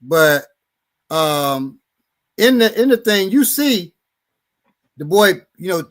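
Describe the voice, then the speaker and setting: Bright high-voiced blunt man. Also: takes it slowly. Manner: blunt, profane, animated storyteller. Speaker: podcast host and martial arts instructor. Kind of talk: casual storytelling chat.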